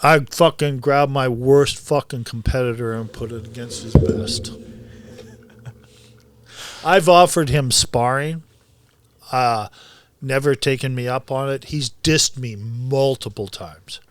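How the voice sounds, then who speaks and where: Blunt, profane boxing coach, slow and heated. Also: male voice, medium pitch. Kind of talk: casual podcast chat.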